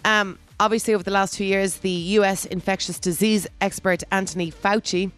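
A woman's voice: mid-range voice, steady tone, brisk, a bit bright, clear, resonant tone, soft background music. A woman co-hosting a radio show, chatty and questioning in casual banter. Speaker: radio co-host.

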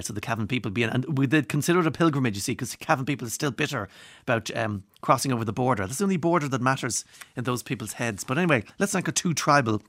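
Irish man, radio presenter, chatty and rambling, self-deprecating, mid pitch, dry close studio sound. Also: a bit bright, dry recording. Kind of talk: casual radio chat reading listener texts. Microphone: studio microphone.

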